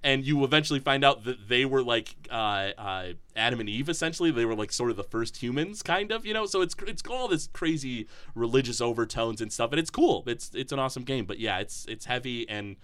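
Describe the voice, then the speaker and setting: A man's voice: medium pitch, animated, a little fast, hardly any pauses, a bit bright, clean tone. A man co-hosting a casual podcast, talking enthusiastically and rambling with lots of fillers. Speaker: podcast co-host.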